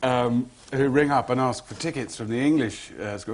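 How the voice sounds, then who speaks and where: A man's voice: medium pitch, moderate pace. A man who is an actor and a guest on a panel show, talking in a hesitant, amused way. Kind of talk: comic panel banter.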